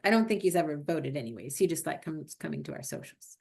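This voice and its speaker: A woman's voice: low-pitched, expressive, fast talker, vocal fry, few pauses, darkish tone. A woman club president walking a meeting through a chartering form, talking casually with fillers and self-corrections. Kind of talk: instructional walkthrough, screen-share presentation. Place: video call or recorded meeting.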